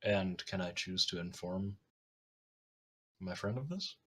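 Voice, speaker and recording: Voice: low voice, animated, slow, husky. A player in a tabletop game, chatting casually and joking in a rambling way with many restarts.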